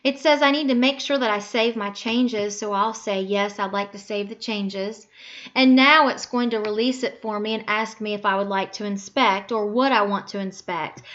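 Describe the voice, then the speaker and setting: A woman talks students through a computer task one click at a time, patient and plain-spoken, fixing her own slips as she goes. Her voice sits a little high. The recording is muffled and lo-fi, like cheap screen-capture audio. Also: a bit bright. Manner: patient, talks through each click, self-correcting aloud. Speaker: teacher. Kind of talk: screen-recorded software tutorial.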